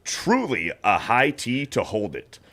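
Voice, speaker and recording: A man's voice: medium pitch, wildly swooping pitch, slow pace, fairly bright tone. A man hosting a casual livestream, reading out viewer donations and messages with wry asides. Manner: reads donor messages aloud, wry asides. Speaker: host reading super chats.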